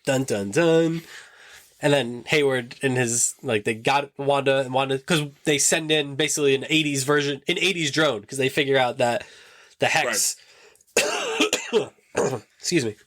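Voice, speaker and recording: A man co-hosting a casual podcast chat, retelling a TV series scene by scene. His voice sits at an ordinary middle pitch, and he tells the story in an animated way, full of fillers. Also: moderate pace. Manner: animated storyteller who acts out lines between laughs. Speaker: podcast co-host.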